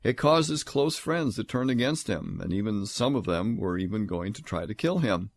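A man giving a Bible lecture in an earnest way, slowing down and rising sharply on the points he stresses. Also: fairly low pitch, animated. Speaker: Bible teacher.

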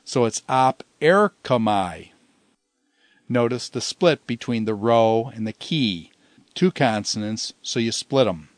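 Male teacher, mid pitch, patient explainer, dry close-miked lesson audio. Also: dry recording. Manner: patient, slows down to sound out example words. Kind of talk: recorded language lesson.

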